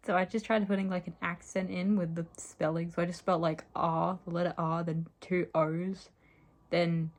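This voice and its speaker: Giggly young woman reading old stories. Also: lowish voice. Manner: giggly, self-mocking asides. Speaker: reader of her childhood stories. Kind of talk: casual reading with asides.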